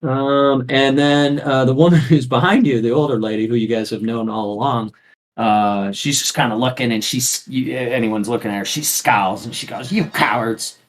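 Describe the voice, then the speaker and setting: A man running a tabletop game as game master, narrating haltingly with many fillers and restarts. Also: mid-range voice, steady tone.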